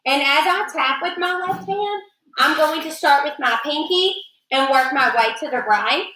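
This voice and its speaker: A woman teacher giving a phonics lesson to young children, slow and patient, drawing out her words. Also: sits high, sharp tone. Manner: patient, sing-song, slowly drawn-out words. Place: classroom with children. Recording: echoey classroom.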